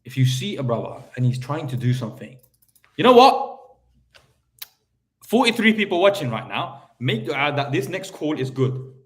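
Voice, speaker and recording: A young man running his recruitment business, chatting casually on a live stream between cold calls, with lots of fillers and a brighter tone when on the phone. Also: on the high side, sing-song, brisk, hardly any pauses.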